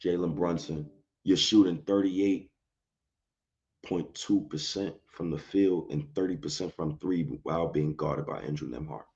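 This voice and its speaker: A man's voice: low-pitched, a little slow, darkish tone, dull audio. A man hosting a solo sports podcast, talking in a heated, slangy and emphatic rant.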